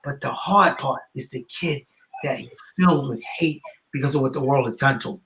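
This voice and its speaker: A man telling a story as a guest educator, acting out the people in it with loud bursts. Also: medium pitch, moderate pace, echoey room, slight background noise. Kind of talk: storytelling in a podcast conversation.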